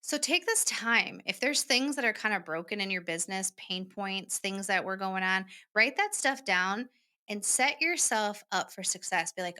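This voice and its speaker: Woman podcast host just chatting, bright voice, acts out what people said. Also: medium pitch, moderate pace. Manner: chatty, animated, acts out quoted remarks. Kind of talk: casual solo podcast talk.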